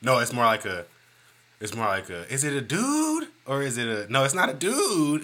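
Animated, profane man ranting on a podcast. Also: mid-range voice, moderate pace. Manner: animated, profane, riffing and joking. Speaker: podcast host. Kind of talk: casual solo podcast rant.

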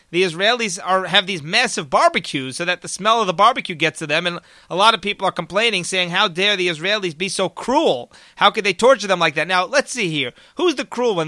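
A podcast host, a man, speaks in a high, very bright and cutting voice, recorded dry and close. He talks in an emphatic opinion monologue, stacking rhetorical questions and turning to his listeners as folks. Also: dry recording.

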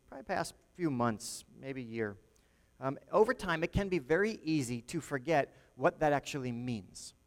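Male pastor, conversational sermon delivery, slightly higher voice, long hall reverb. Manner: conversational, repeats and restarts often.

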